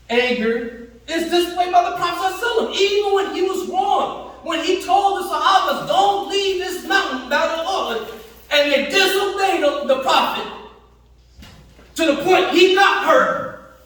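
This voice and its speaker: A man's voice: very high-pitched, pushed and bright. A man giving a Friday sermon in a mosque, emphatic and slangy, stopping to act out everyday voices. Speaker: Friday prayer preacher. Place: mosque hall. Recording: echoey hall, voice from far off.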